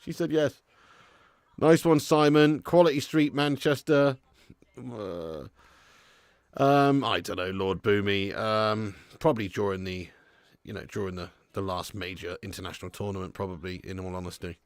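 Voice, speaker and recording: A man's voice: fairly low pitch, normal speed, no room sound, studio quality. Laughing man reading live chat. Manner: swears freely, laughs often, reads chat aloud. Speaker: football watch-along streamer. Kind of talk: casual live-stream chat.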